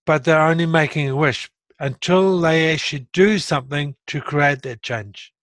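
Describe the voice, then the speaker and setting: This guest, a middle-aged man, talks through his stroke recovery at a moderate pace with a slightly high voice. Casual, blunt, and earnest, he becomes animated in the retelling, captured with no room sound.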